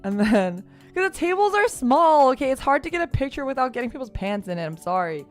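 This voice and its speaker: A woman streamer telling a story in casual chat, animated and laughing often, with lots of "like" and fillers. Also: high-pitched, fairly quick, soft background music.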